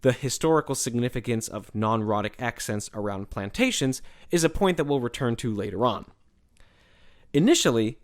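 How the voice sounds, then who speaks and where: A man hosting an educational podcast, reading a scripted explanation in a measured way. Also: medium pitch. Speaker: podcast host.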